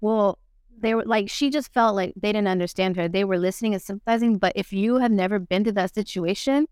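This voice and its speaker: A woman talks candidly as a podcast guest, blunt and profane as she retells what happened. Her voice is smooth and clear. It is recorded dry on a close mic. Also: medium pitch, fairly quick, a little mellow, no room sound. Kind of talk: candid conversational storytelling.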